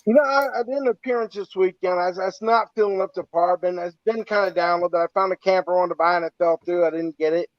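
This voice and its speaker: A man's voice: high-pitched, fast talker, hardly any pauses, no echo. A man telling a heartfelt story in a rambling, casual way on a podcast. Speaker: podcast co-host. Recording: dry, muffled lo-fi audio.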